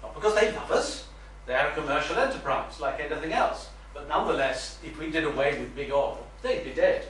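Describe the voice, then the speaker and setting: An older man gives an earnest public talk, his tone forceful and a touch high. He drops in wry asides. He stands well back from the mic in a very echoey room with faint noise behind. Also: lively intonation, a little fast, far from the mic. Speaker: retired minister giving a talk. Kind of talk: public lecture to a meeting.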